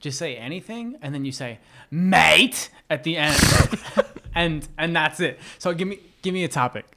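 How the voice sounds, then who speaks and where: A man's voice: a little high, lively intonation, moderate pace, fairly bright tone. A young man guesting on a podcast who tells stories in casual chat and fills his sentences with "like". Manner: chatty storyteller, lots of "like".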